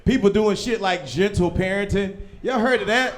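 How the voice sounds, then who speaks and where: A young man doing a stand-up comedy set in a small live venue, loud and profane, often shouting as he acts out people in his stories. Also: sits high, moderate pace. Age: young adult. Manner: loud, animated, profane, swings into shouting impressions.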